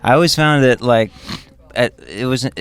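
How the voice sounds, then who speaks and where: A man's voice: mid-range voice, normal speed, smooth. Hesitant man hosting a podcast. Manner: hesitant, restarts often, echoes guest's words. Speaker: podcast host. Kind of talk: casual podcast interview.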